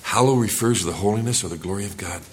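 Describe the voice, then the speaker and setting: A male pastor preaching a sermon in church, earnest, rising for emphasis and dropping low and quiet. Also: quick pace, slight background noise.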